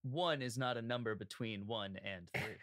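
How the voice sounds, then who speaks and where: A player in a live tabletop game, joking playfully and laughing loudly. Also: medium pitch, moderate pace, dry recording, studio quality.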